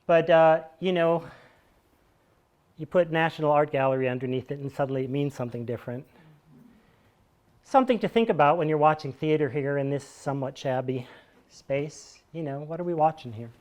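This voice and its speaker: Wry higher-voiced American man telling stories. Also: brisk, darkish tone. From United States. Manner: wry, digressive, chuckling asides. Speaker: solo performer speaking to an audience. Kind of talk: conversational storytelling monologue. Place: small shabby theater.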